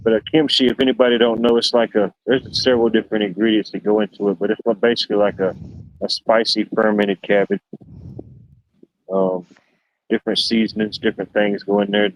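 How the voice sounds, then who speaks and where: A man's voice: on the low side, flat delivery, fairly quick, a little hiss or hum. A man hosting a livestream, rambling casually with lots of fillers. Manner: rambling, laid-back storytelling with many fillers. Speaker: livestream show host. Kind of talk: casual chat. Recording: dull lo-fi stream audio.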